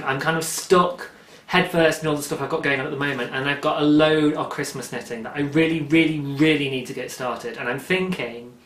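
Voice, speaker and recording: Fairly high in pitch with a sharp tone, a young man rambles through casual chat on his knitting podcast, laughing frequently. The setting is a room at home in daylight, with a roomy echo on the recording.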